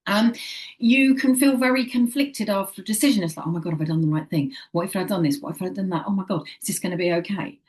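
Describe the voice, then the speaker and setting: A woman talking straight to camera as a psychic medium, chatty and animated, acting out little quoted thoughts and checking in with "okay?". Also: mid-range voice, quick pace. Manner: chatty, acts out quoted inner voices, frequent "okay?". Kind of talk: casual direct-to-camera advice.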